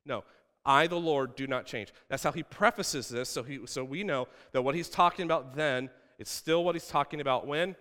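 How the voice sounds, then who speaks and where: A man's voice: fairly high pitch, a little fast, few pauses, fairly bright tone, long reverb tail. A man preaching a playful sermon from a church stage, asking the congregation questions. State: out of breath. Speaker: pastor. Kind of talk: sermon with props.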